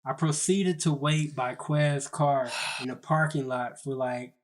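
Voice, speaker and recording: A man's voice: medium pitch, steady tone, unhurried. A young man narrating a comedy story in a casual, slangy, self-mocking way.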